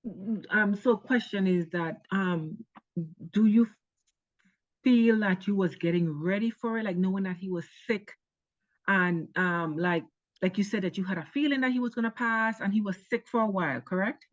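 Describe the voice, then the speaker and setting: A woman asking interview questions in a halting way, searching for words with many "like"s. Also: mid-range voice, no echo, highs cut off.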